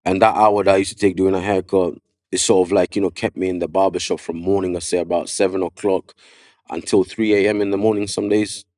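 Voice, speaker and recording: Podcast guest: male barber, London accent, low voice, slangy, animated, dry close mic. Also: quick pace, no room sound. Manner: animated storyteller, slangy, repeats "yeah" and "you know what I mean". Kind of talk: casual storytelling interview. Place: podcast studio.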